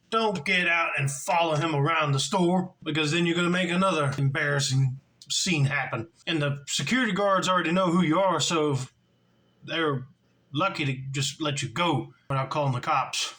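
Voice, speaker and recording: A man's voice: fairly high pitch, normal speed, bright, forceful tone, rough recording. A man reacting to a video clip with mild, disbelieving commentary.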